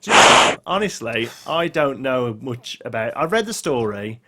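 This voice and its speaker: A man's voice: mid-range voice, big pitch swings, moderate pace, background noise. Wry man reading the news. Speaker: podcast co-host. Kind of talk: casual chat, reading out news.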